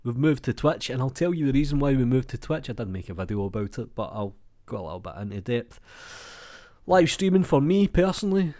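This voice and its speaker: A man in his young adult years talks through viewer comments in a loose, unhurried way, swearing freely and calling everyone mate. His voice sits a little low, and he sounds like he is getting over a cold. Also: dark tone. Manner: laid-back, swears freely, says mate a lot. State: has a cold. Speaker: YouTube creator. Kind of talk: casual chat reading viewer comments.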